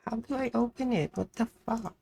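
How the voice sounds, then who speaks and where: A woman's voice: on the high side, moderate pace, vocal fry, mellow, husky. A young woman from the Philippines streaming a game live, chatting to herself, swearing and squealing greetings at customers. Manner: swearing, chatty self-talk while playing. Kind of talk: live gameplay chat.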